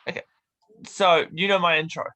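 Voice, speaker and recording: A man hosting a casual interview over a video call, unhurried and easygoing. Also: fairly high pitch, fairly even intonation, pushed and bright, low-quality recording. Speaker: host.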